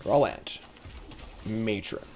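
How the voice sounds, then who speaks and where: A man streaming a card game, thinking aloud through his plays and breaking into excited outbursts as he talks to chat. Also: on the low side, extremely slow, slight background noise. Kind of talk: casual gameplay commentary.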